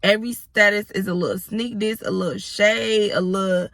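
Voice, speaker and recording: Bright-voiced woman telling a profane storytime. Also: mid-range voice, normal speed, gravelly, no echo. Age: 30s. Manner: animated, profane, addresses viewers as y'all. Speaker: storyteller vlogger. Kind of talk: casual storytime.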